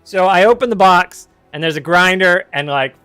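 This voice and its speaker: A man's voice: sits high, moderate pace, sharp tone, clear, resonant tone, dry recording, faint music behind. A man telling a long story in casual chat while gaming, rambling with asides and self-corrections. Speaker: streamer and host.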